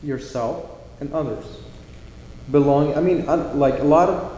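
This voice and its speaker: A man's voice: on the high side, measured pace, dark tone, heavy reverb, in a large hall, rough recording. A man talking in a loose, rambling way about spiritual practice, with lots of fillers. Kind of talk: casual chat.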